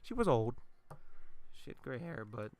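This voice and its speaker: A man's voice: mid-range voice, big pitch swings, a little slow, mellow. A tired man giving casual gameplay commentary, telling a rambling, profane story full of tangents. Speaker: let's play gamer.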